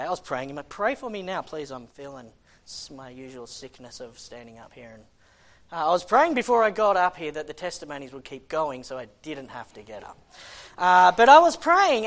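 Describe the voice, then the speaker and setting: Impassioned male preacher with halting restarts. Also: fairly high pitch, a bit bright. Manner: impassioned, conversational, with frequent restarts. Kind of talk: sermon.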